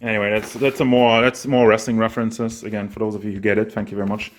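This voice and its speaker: A man with a lowish voice speaks quickly and flatly over faint background music. Indoors at home, he gives a casual, rambling, self-mocking tour of his toy collection and figure shelves, getting out of breath as he moves around with a handheld camera.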